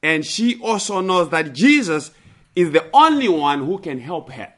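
A man delivers a sermon in a bright, slightly high voice. He takes his time, repeats key phrases for emphasis and lifts his voice sharply when he acts out a plea. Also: very animated, measured pace. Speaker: preacher. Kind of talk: sermon with scripture reading.

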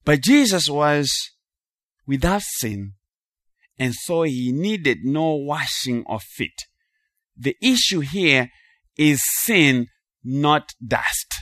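A man preaching a sermon in an emphatic, rhythmic way with dramatic pauses. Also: fairly high pitch, lively intonation, fairly bright tone, no room sound, clean studio sound.

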